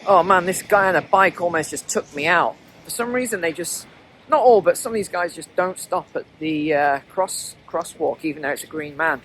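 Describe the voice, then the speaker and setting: Male vlogger, chatty walk-and-talk, bright voice, outdoors in the snow. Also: a little high, moderate pace, a little hiss or hum. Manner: chatty, talks to viewers while walking. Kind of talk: walking travel vlog commentary. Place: outdoors on city streets in snow.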